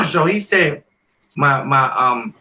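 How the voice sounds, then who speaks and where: A man in his fifties, a former boxer and podcast guest, telling animated stories in a casual interview and often clearing his throat. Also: mid-range voice, slow, low-quality recording. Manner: animated storyteller who acts out quoted voices.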